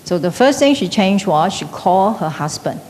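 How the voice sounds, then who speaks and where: A woman gives a relaxed classroom lecture, often tossing "okay?" and "right?" to her listeners. Her mid-pitched voice rings out with a long reverb, as if in a large hall, over a faint low rumble in the background. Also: moderate pace. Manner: conversational, frequent tag questions like "okay?" and "right?". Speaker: teacher.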